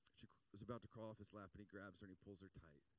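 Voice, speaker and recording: A male pastor preaching a sermon, telling a story with repeated phrases and rising rhetorical questions, going quiet for the quoted lines. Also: on the low side, steady tone, rapid-fire, far from the mic.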